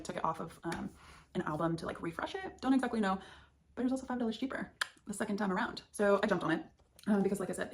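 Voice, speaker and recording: A young woman talks her viewers through a stitching haul in a loose, chatty way, stopping often to think aloud. Her pitch is middling, and a faint noise sits under the recording. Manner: chatty, rambling, thinks aloud with many ums. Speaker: flosstube host. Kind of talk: casual chat showing stitching haul.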